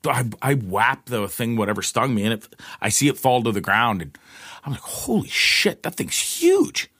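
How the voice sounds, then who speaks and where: A man's voice: a little fast, no echo. Brief: man, casual storyteller, swears freely, rambles and restarts, dry close sound. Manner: profane, rambling, restarts often; animated retelling, pitch jumps in quoted lines. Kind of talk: casual personal anecdote.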